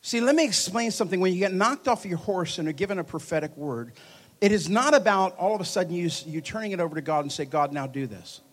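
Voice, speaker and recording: A man delivering a charismatic sermon in a church hall, slightly higher in pitch than most men. He is animated and playful, teasing his congregation, and swings from quiet asides to loud, emphatic bursts. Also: fast talker. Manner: animated, joking, lively swings in loudness. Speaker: preacher.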